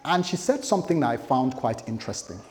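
A man's voice: medium pitch, big pitch swings, fast talker, big-room sound, soft background music. A man preaching a sermon as pastor, in a loose conversational way, acting out quoted dialogue.

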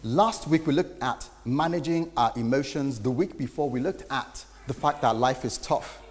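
Pastor preaching in an echoing hall. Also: male voice, medium pitch, normal speed. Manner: conversational preaching with acted-out quotes. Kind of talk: sermon. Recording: reverberant hall with faint noise.

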